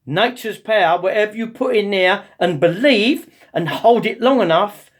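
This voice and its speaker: Motivational speaker, cheeky comic storyteller, lively delivery. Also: male voice, sits high, moderate pace. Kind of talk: comic personal anecdote.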